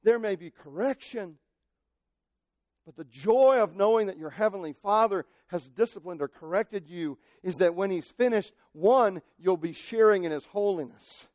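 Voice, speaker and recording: A male pastor preaching a sermon, impassioned, moving from shouted cries to near-quiet asides. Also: high-pitched, normal speed, no echo, clean studio sound.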